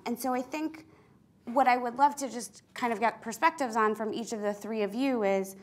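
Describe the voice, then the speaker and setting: A woman's voice: on the high side, fairly bright tone. A woman moderating a policy panel, speaking in a conversational way with frequent fillers.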